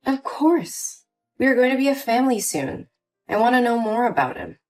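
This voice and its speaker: A fairly high, sing-song, slightly mellow woman's voice at normal speed portrays a manipulative, scheming older mother in scripted story voice acting. The character is sweet outwardly but cold underneath, growing dismissive, with faint music behind.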